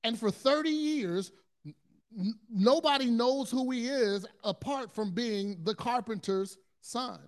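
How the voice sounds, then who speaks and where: A man with a notably high voice delivers a sermon in an earnest, storytelling way. He often stumbles over his words, repeating and restarting them. His delivery moves between quiet, low stretches and loud, intense bursts. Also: a little slow. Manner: swings between hushed low passages and loud, intense ones. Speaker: pastor.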